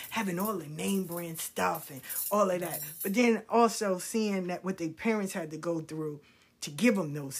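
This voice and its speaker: A woman's voice: lowish voice, slightly rough. Frank woman telling candid stories. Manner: frank, profane, animated, swings from hushed to loud. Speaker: storyteller. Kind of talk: candid personal storytelling.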